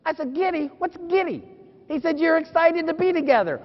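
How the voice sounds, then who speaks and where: A man in his fifties with a high voice gives a motivational keynote from a stage, swinging from hushed asides to sudden shouts as he acts out his stories. The sound is dull and muffled, with a long reverb trailing through a big conference hall. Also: a little fast. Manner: animated storytelling, acting out dialogue, sudden shouts. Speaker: motivational speaker.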